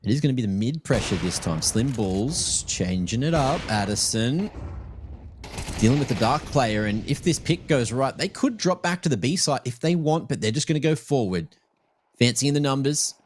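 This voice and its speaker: A man's voice: mid-range voice, lively intonation, normal speed, noisy background. A man casting a live esports match with play-by-play and playful, teasing asides. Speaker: esports caster.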